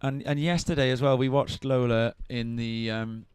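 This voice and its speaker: A man's voice: medium pitch, fairly even intonation, moderate pace, clean tone, no echo. A man doing live surf contest commentary, chatty and enthusiastic as he trades remarks with his co-host.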